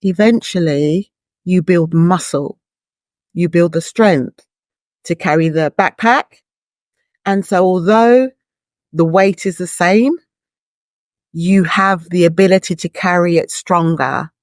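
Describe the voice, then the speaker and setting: A middle-aged woman, a bereaved mother appearing as an interview guest, speaks slowly with long pauses in a lowish, slightly mellow voice. Earnest and heartfelt, she reflects by explaining her thoughts through long, patient images, captured in a dry, clean studio recording.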